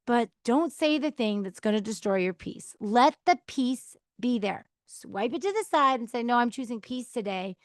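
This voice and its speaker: With a fairly high, animated voice, a woman talks at normal speed with few pauses. She's hosting a podcast, giving casual advice about choosing peace, acting out quoted replies and laughing now and then; the recording is dry, clean studio sound from a mic on a counter.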